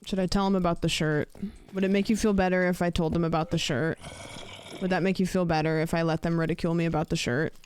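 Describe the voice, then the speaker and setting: A woman's voice: fairly low pitch, little pitch movement, fast, darkish tone, a little hiss or hum. A woman streaming a game, chatting casually and swearing as she plays and talks to her chat. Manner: casual and sweary, talking to herself and chat while playing. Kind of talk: casual gaming livestream chat.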